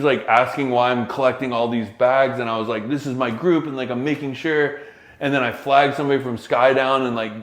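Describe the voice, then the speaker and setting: Male podcast co-host, lively casual storyteller, average pitch, echoey room sound. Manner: animated, acts out quotes. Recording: roomy echo.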